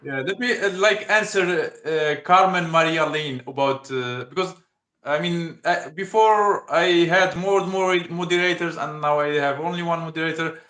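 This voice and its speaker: A man with an Algerian accent hosting a casual livestream chat, halting and searching for words with many restarts. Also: fairly high pitch, bright, forceful tone, reverberant. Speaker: livestream host.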